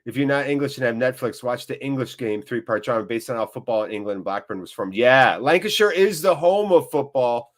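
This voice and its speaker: A man's voice: mid-range voice, lively intonation, brisk, hardly any pauses. A chatty man hosts a live football watchalong. He mixes play-by-play reactions with casual banter. He keeps a playful, friendly tone and answers viewers in the chat by name. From United States. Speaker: host of a fan channel.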